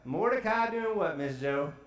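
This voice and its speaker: Guy preaching a story sermon, high voice, keeps asking the crowd stuff, echoey church. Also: normal speed. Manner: lively, quizzes the congregation. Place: church sanctuary.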